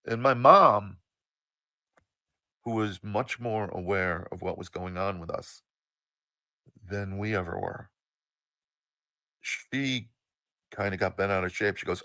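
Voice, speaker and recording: A man in his sixties from the United States, telling a personal story in an animated, emphatic way with some swearing. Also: deep voice, takes it slowly, pauses often, no room sound. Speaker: storyteller, show host.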